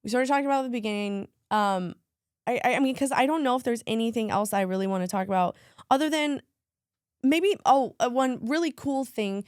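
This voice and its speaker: A woman's voice: on the high side, fairly quick, a little mellow, clear, resonant tone, dry recording, clean studio sound. A woman co-hosting a casual sports podcast, gushing and tearful as she talks about her team. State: crying at times. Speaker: podcast co-host.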